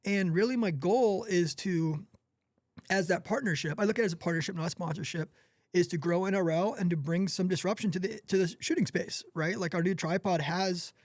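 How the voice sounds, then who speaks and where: Man, forties, high voice, earnest, apologetic, rambling restarts, dry close mic. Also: a little fast, no room sound. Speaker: podcast guest, gear company owner. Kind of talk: candid podcast conversation.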